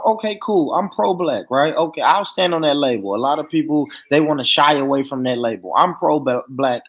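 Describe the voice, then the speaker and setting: A man in a casual online debate who hammers his points home by repeating them. His voice sits a little higher than most men's. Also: a bit bright. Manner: emphatic, repeats points for stress. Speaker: livestream panel guest.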